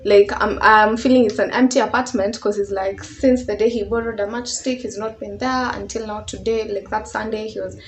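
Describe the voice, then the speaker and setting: A woman's voice: medium pitch, fairly even intonation, a little fast, few pauses, a little hiss or hum, rough recording. A young woman with a Kenyan accent telling a casual storytime, chatty and mixing in Swahili slang. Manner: chatty, mixes English with Swahili slang, laughs often. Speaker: vlogger.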